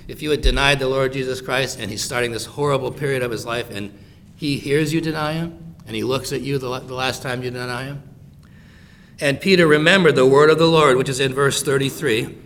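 A man delivering a lively sermon in plain, conversational words. His voice sits a touch high and sounds bright and forward, and he acts out quoted lines in voices. A faint rumbling hum runs underneath. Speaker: preacher.

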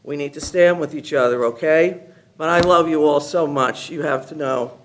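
A woman giving a personal testimony to her church gathering, telling her story in an animated, enthusiastic way. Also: sits low, moderate pace, background noise. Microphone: handheld mic at a gathering.

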